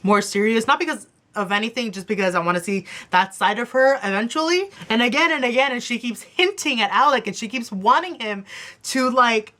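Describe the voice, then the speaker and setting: A young woman chatting excitedly in a casual TV episode review, gushing and breathless, with lots of fillers. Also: a little high, a little fast. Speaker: TV review vlogger. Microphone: camera on her desk after her phone stopped recording.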